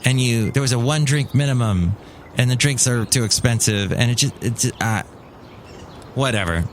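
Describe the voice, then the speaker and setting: A man's voice: medium pitch, normal speed, slight background noise. A man hosting his podcast, rambling in a cranky, casual monologue. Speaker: podcast host.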